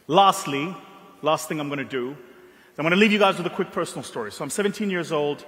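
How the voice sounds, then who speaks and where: A young man from South Africa with a South African accent, giving an emphatic motivational keynote in a ballroom, telling stories with dramatic pauses. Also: a little high, fairly bright tone. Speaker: keynote speaker. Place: large ballroom. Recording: long hall reverb.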